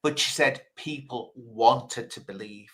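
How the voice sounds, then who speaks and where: A man hosting a relaxed chat show with a bright, forceful voice. He talks in an animated, chatty way and spins a story as he goes. His pitch sits in the middle for a man. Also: slow pace.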